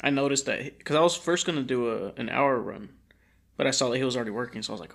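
A man's voice: mid-range voice, fast talker, vocal fry. A young man co-hosting a podcast in casual chat, slangy and laughing as he tells stories. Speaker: podcast co-host.

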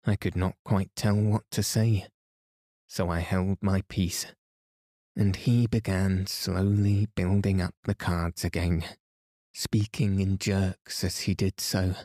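A man reading a story aloud as a calm bedtime podcast host, soothing and even. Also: low voice, slow, no echo, clean studio sound.

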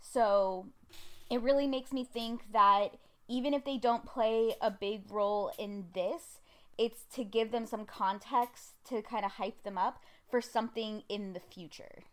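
A woman with a fairly high voice chatting on a comics podcast. She talks freely and fills her speech with "um" and "like". She sounds like a relaxed fan talking with friends. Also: measured pace. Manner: chatty, many fillers. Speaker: podcast co-host. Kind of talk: casual fan discussion.

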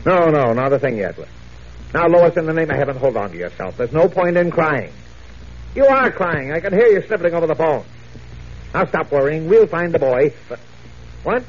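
A man's voice: fairly high pitch, very animated, normal speed, long pauses, breathy edge. An actor playing a brusque, blustering male newspaper editor in a 1940s radio drama. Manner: brusque, commanding. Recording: dull old radio recording, faint hiss.

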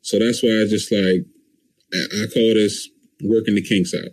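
A man's voice: on the low side, flat delivery, moderate pace, darkish tone, no room sound, rough recording. A man from Maryland with a slight country accent, chatting casually as a podcast host, rambling with lots of fillers. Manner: laid-back, rambling with fillers. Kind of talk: casual chat.

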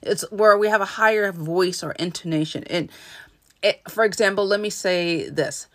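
A woman hosting a solo podcast, talking in an earnest, instructive way about communicating, with short pauses between her phrases. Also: medium pitch, a bit bright. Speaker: podcast host and coach. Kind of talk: solo motivational podcast talk.

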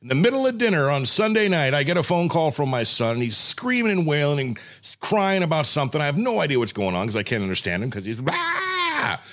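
A man's voice: fairly high pitch, big pitch swings, quick pace, hardly any pauses, a bit bright. A man in his forties telling a family story in a casual chat, acting out the voices of others as he goes. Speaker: podcast co-host.

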